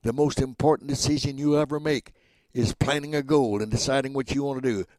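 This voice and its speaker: A man in his seventies from Oklahoma, telling stories as an interview guest in an animated, rambling, dramatic way. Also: mid-range voice, fairly quick, dry recording. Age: 70s. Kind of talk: storytelling interview.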